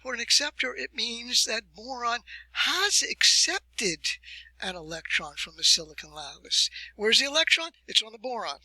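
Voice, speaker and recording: Bright, husky-voiced man lecturing. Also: extremely high pitch, animated, no echo, poor audio. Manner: deliberate, emphatic explanations with rhetorical questions. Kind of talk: recorded university lecture.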